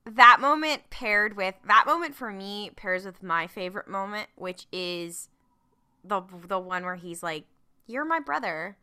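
A woman in casual fan chat, animated and emotional, with many fillers. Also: medium pitch, measured pace, clean tone.

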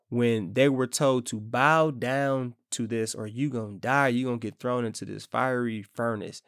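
A man's voice: medium pitch, gravelly, no room sound, clean studio sound. A man preaching a casual, conversational sermon, reading scripture and acting out scoffers in slangy asides.

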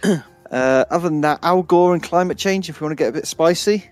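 A man's voice: fairly high pitch, a little fast, a little mellow, soft background music. A man co-hosting a casual podcast, teasing and asking lots of questions. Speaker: podcast co-host. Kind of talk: casual chat.

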